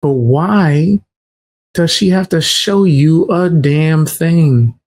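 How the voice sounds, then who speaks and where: A man's voice: on the high side, very slow, darkish tone. A man doing casual reaction commentary, blunt and scoffing, full of slang.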